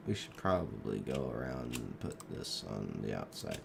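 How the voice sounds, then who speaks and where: A man's voice: a bass voice, very animated, moderate pace, creaky, noisy background. A sick young man with a cough, giving rambling, joking gameplay commentary into a desk microphone and drifting off mid-thought. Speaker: gaming video creator.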